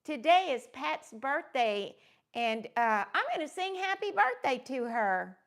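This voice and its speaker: A woman's voice: high voice, sing-song, measured pace, a bit bright. A woman hosting a casual crafting livestream, gushing as she greets viewers by name and rambling along with plenty of fillers. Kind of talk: casual live-stream chat.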